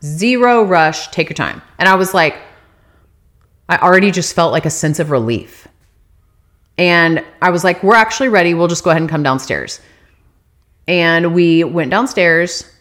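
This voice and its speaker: A young woman telling a long casual story, chatty and animated, full of "like" fillers and casual swearing, climbing high and loud when she rants. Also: normal speed, pauses often.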